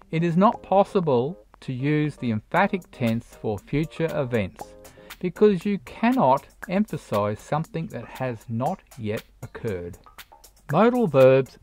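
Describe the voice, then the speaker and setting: Slow, lively-pitched grammar lesson narrator. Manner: slow, deliberate explaining with read-out examples. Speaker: English teacher.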